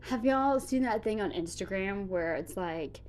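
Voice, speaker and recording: A woman's voice: medium pitch, animated, normal speed, darkish tone, a little hiss or hum. A woman vlogger chatting casually to her viewers in a rambling way, full of "like". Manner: chatty, rambling, with frequent fillers like "like". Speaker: reaction vlogger.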